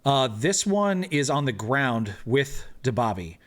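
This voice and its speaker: A man's voice: medium pitch, sing-song, slow pace. A man explaining rules and narrating the action as game master of a tabletop game, laughing easily.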